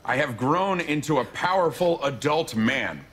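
A man's voice: a little high, expressive, unhurried, a bit bright. An awkward, earnest guy. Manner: stiff, overblown formal lines. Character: awkward, earnest grown man acting tough.

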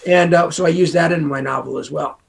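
A man's voice: on the high side, steady tone, fairly quick, gravelly. An American man, a guest author, talking casually in an interview in a rambling way, full of asides. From United States.

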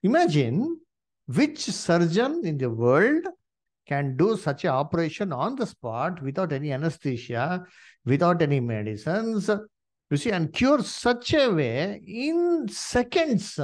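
Animated preacher with a lively voice. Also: male voice, fairly high pitch, measured pace. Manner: animated, many "you see" and "uh" fillers; addresses listeners as "dear brethren". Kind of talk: Bible study sermon.

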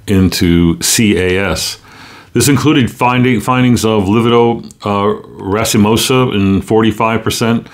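A man with a New York accent hosting a casual medical news podcast, chatting with jokes and many ums and uhs. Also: lowish voice. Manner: chatty, joking asides, frequent ums and uhs. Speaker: podcast host, rheumatologist.

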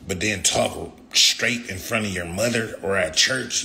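A man's voice: fairly low pitch, a little slow, vocal fry, few pauses, sharp tone. A man ranting on a livestream in a profane, confrontational way. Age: adult with young kids. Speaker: rapper streaming live. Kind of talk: livestream rant.

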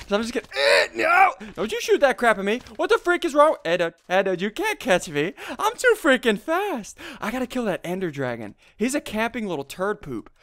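Young male gamer, high lively voice, hyper and giggly, live game commentary into a desk mic. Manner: hyper, shouty, giggly, swings between mutters and yells. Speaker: gaming YouTuber. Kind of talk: excited Minecraft commentary.

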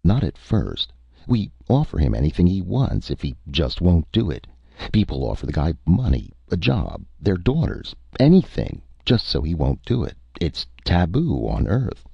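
A man playing a gruff, desperate male space trader in armor, barking urgent lines in a dry, lo-fi recording. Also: deep voice, huge pitch swings, moderate pace, dry recording, pitched above the performer's own voice, full character voice. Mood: scheming.

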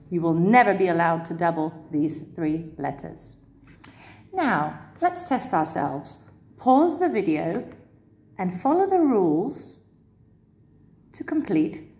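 A woman teaching an English spelling lesson, explaining the rules patiently and clearly with lively emphasis. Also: on the low side. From Cyprus. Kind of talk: grammar lesson.

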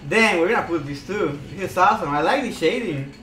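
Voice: lively intonation, a little fast, a bit bright. A playful co-host on a livestream, joking with the audience. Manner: playful and jokey, with big swings in pitch. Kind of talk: casual livestream chat. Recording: echoey room with music behind. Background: background music.

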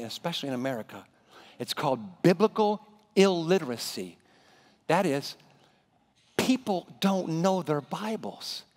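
Lively, high-voiced male pastor preaching. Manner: animated, dramatic storytelling. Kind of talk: sermon. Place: church sanctuary. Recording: reverberant church hall.

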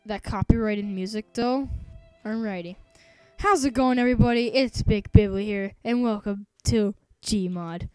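A woman's voice: medium pitch, a little slow, darkish tone, clear, resonant tone, no room sound, soft background music. Playful young woman with a stuffy nose. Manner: playful, goofy trash talk. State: sore throat and stuffy nose. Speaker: gaming video host. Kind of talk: casual gameplay commentary.

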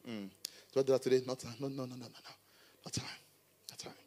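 A middle-aged man preaching a sermon as a pastor in church, animated with playful asides. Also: mid-range voice, fast talker.

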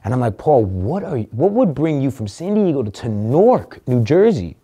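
A man's voice: medium pitch, very animated, moderate pace, warm tone, husky. A man telling a candid personal story as an interview guest, earnest and emotional, swearing casually.

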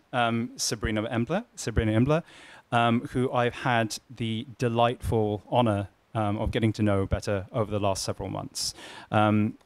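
A man introducing a fellow writer at a literary reading, halting with frequent ums but admiring. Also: medium pitch, clean tone, no room sound. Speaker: mentor introducing a reader. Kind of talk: event introduction.

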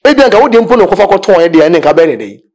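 A man's voice: high-pitched, very animated, rapid-fire, a little mellow. A man with a Ghanaian accent, speaking animatedly in a casual interview, often pleading and switching into English. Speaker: gospel music manager interviewee. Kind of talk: casual radio-style interview in Twi and English.

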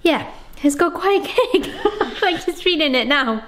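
A woman tastes a dish and weighs it up in a slow, thoughtful way. Her voice is high and her words come unhurried. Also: expressive, a bit bright, slight background noise. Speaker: taste tester.

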